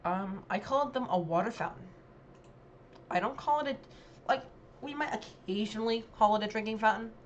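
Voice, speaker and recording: A woman's voice: medium pitch, normal speed, dull audio, slight background noise. A woman vlogger giving casual commentary on a dialect quiz, chatty and hesitant, with many ums and self-corrections.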